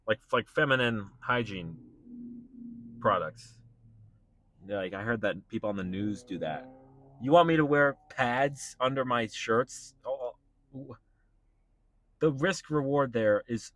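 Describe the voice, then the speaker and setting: A young man with a bright, forward tone rants in his car, incredulous and animated, with his voice jumping up as he acts out other people. He talks in a loose, casual way, full of fillers and exclamations. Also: medium pitch, unhurried. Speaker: stand-up comedian vlogging. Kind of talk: casual rant while driving.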